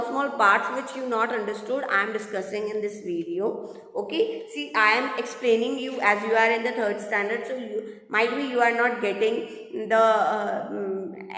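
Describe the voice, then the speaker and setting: A woman's voice: a little high, fairly bright tone. A woman with an Indian English accent teaching a primary English class in a recorded video, patiently repeating herself, addressing the children and spelling words out letter by letter. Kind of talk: recorded online class explanation. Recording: echoey room with long reverb.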